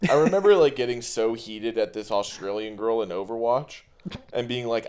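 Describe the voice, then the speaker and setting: A man's voice: medium pitch, normal speed, a little mellow, clean tone. A young man co-hosting a podcast, bantering casually with swearing and trying out silly accents. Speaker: podcast co-host. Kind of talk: casual chat.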